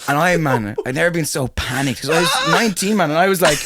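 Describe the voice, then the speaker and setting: A man's voice: a little high, expressive, fast, hardly any pauses, noisy background. A young Irish man in his twenties, co-hosting a podcast, telling a story animatedly with frequent laughter and swearing. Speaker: podcast co-host. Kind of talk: casual chat.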